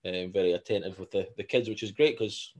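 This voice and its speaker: A Scottish man in his thirties, co-hosting a podcast as a casual chat, telling animated stories with frequent laughing and swearing. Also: low voice, quick pace. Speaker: podcast co-host.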